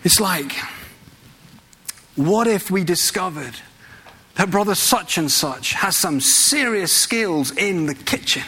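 A man's voice: high voice, animated, slow pace, pauses often, bright, forceful tone, breathy edge. A man preaching a sermon in a church, conversational and full of rhetorical questions.

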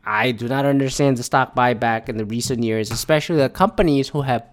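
A man's voice: mid-range voice, fairly quick. Rambling, profane man ranting casually. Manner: rambling, profane, laughs often, mocking asides. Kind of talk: casual opinionated monologue.

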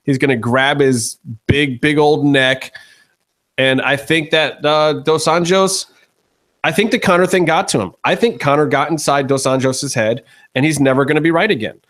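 Male podcast co-host, a bit high-pitched, rambling and opinionated. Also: normal speed, fairly bright tone. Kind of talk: casual chat.

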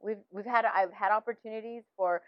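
A middle-aged woman recounts a personal faith testimony in an animated, conversational way, full of fillers and restarts. Her voice sits at an ordinary pitch for a woman. The recording is dry and a little dull, as if captured through modest gear. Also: brisk, no echo. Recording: dull, slightly lo-fi, dry sound.

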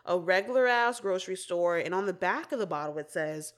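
A woman's voice: lowish voice, lively intonation, fairly quick. A young woman hosting her own podcast, talking candidly and casually, with frequent swearing. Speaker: podcast host. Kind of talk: casual solo podcast talk.

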